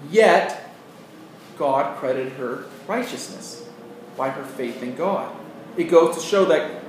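A man preaching a sermon in an earnest way, with rising emphasis and quiet asides. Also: on the high side. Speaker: pastor. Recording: very echoey room, mic at a distance, faint noise.

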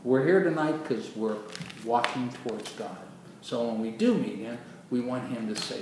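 A man preaching a sermon with emphatic delivery, swinging from quiet passages to loud bursts. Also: mid-range voice, animated, normal speed. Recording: echoey hall from far off with noise.

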